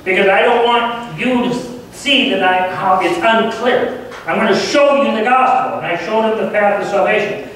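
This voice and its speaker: A man with a high voice preaches a fervent, emphatic sermon. The sound is heavily echoey, as if picked up from a distance across a church sanctuary, with a faint hiss underneath. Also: normal speed, a bit bright. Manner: earnest, emphatic, grows fervent. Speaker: guest preacher.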